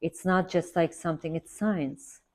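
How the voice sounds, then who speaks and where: Low-voiced woman chatting while she draws. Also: steady tone, normal speed. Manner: rambling, earnest, repeats herself for emphasis. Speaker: art instructor. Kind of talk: casual chatty tutorial while drawing.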